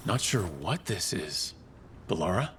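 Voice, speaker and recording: An actor playing a steady male adventurer hero in a video game, speaking in a calm, decisive, plain-spoken way. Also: low-pitched, a little slow, a little hiss or hum, full character voice.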